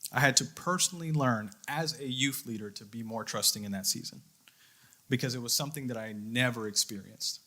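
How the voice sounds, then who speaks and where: A man's voice: medium pitch, fairly quick, pushed and bright. A young adult man, a youth leader, giving a sermon, telling a personal story in an earnest way and acting out his own thoughts. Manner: earnest storytelling with quoted inner voice.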